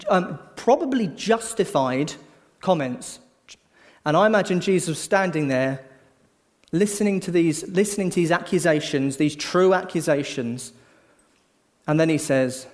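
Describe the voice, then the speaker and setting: A middle-aged man preaching a sermon, telling the story lively and acting out the voices of a crowd. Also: fairly high pitch, moderate pace, long reverb tail.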